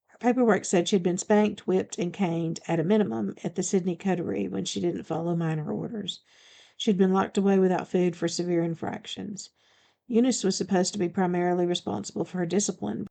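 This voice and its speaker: A woman author reading her own novel aloud as an audiobook, in a steady, even storytelling manner. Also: on the low side, fairly quick, vocal fry. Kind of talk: audiobook narration.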